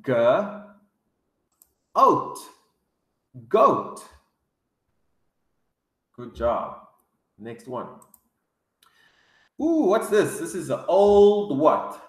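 A man teaching English words to young children, drilling each word slowly with excited gasps. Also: a little high, roomy sound. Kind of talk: vocabulary lesson for kids.

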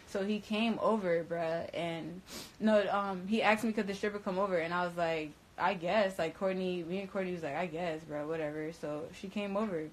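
A young woman telling a story to her viewers in casual, slangy, profane speech, swinging between loud, high outbursts and low, quiet stretches. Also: steady tone, moderate pace, low-quality recording. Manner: emphatic, slangy and profane, with frequent restarts. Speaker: storyteller recounting events.

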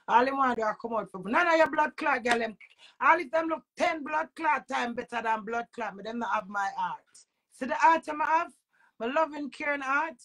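A middle-aged Jamaican woman vents in a personal vlog, cursing freely and pressing every point hard. Her voice sits a little high, with a rough, gravelly edge. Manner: profane, emphatic, with sudden loud outbursts and laughs. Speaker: vlogger. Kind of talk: heated personal rant to camera.

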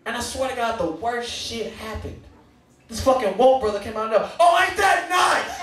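A young man with a St. doing profane, animated stand-up storytelling. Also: very high voice, moderate pace, very echoey, far from the mic. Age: young adult. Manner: animated, profane, acts out scenes. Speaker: stand-up comedian. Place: comedy stage in a live venue.

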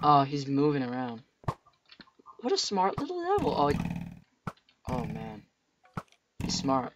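A man's voice: fairly high pitch, huge pitch swings, slow, long pauses, background noise. A man hosting a video game playthrough, giving chatty commentary and yelping at enemies, with a cracking voice. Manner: chatty, jumpy, yelps at enemies. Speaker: let's play host. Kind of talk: gameplay commentary. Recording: muffled lo-fi mic.

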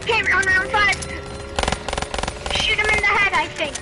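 A woman gaming with a friend in casual chat, excitedly shouting quick callouts. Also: extremely high pitch, very noisy. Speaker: gamer.

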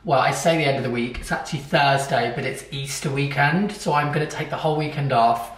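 A man's voice: medium pitch, fairly quick, fairly bright tone, echoey room. A man chatting casually in a home vlog, cooing at his dog now and then. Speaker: vlogger. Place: at home indoors.

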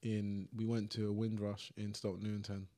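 A man's voice: lowish voice, monotone, moderate pace, warm tone. A young man with a London accent, cracking slangy jokes in casual podcast banter. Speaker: podcast co-host. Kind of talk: casual banter among friends.

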